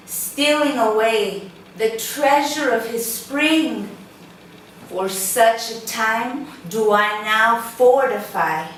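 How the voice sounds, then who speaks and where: A woman acting student reciting a sonnet with slow, deliberate care. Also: medium pitch, fairly bright tone. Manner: slow, measured, deliberate delivery. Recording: roomy, distant mic, faint noise.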